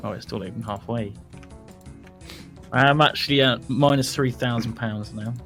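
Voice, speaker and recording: A man playing a multiplayer game with friends, excitably shouting at his trains and laughing. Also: mid-range voice, normal speed, faint music behind. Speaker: host. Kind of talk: casual multiplayer gaming chat.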